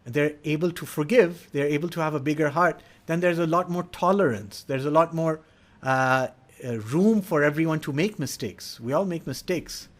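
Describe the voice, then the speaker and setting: Earnest man explaining gently, slightly high voice. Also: normal speed. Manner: earnest, acts out parent-child dialogue in quoted voices. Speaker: educator speaking on child development. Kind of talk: explanatory talk.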